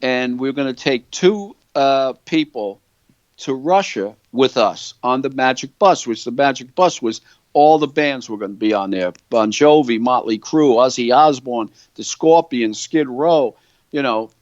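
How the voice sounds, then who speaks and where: A man's voice: mid-range voice, lively intonation, unhurried, no room sound. Older man telling rambling stories, muffled dry sound. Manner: rambling storyteller, keeps checking in with "right?" and "you know". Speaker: guitar company founder, interview guest. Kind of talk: anecdotal storytelling interview.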